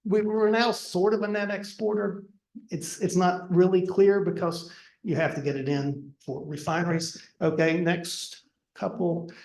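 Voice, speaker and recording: An older man giving a relaxed slide lecture to a club audience, with dry asides. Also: high-pitched, reverberant. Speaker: guest lecturer.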